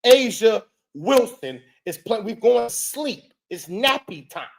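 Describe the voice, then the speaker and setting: Male reaction host, rants and heckles, swears freely, breaks into shouts. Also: high-pitched, very animated, slow, vocal fry. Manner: profane, heckling, loud outbursts. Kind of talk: ranting reaction commentary.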